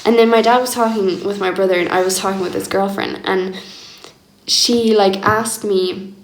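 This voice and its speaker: A woman's voice: mid-range voice, fairly even intonation, normal speed, a little hiss or hum. A young woman speaking candidly and reflectively in a personal diary vlog, laughing often as she talks. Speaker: vlogger. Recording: echoey room.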